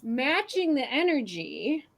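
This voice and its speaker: A woman's voice: sits high, very animated, takes it slowly, creaky. A woman guest on a podcast, explaining her ideas at length with everyday examples. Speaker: guest author. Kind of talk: podcast conversation.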